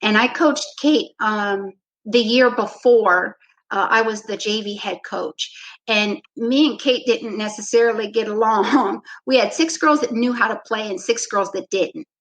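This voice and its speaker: Woman coach as interview guest, mid-pitched, relaxed storyteller who re-enacts her own past lines. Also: measured pace, rough recording. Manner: frequent "you know" fillers. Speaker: basketball coach, podcast guest.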